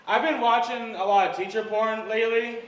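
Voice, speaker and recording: A man's voice: sits high, steady tone, moderate pace. A man doing a stand-up set, self-deprecating and chatting with the crowd, laughing between jokes. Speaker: stand-up comedian. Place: comedy club stage. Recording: echoey live room from far off, noisy.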